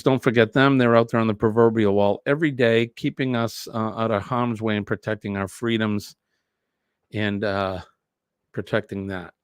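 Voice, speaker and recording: A man's voice: lowish voice, no echo, studio quality. A man from New Hampshire with a New England accent, hosting a live show in a jokey, chatty way and laughing often. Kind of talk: casual live-stream chat.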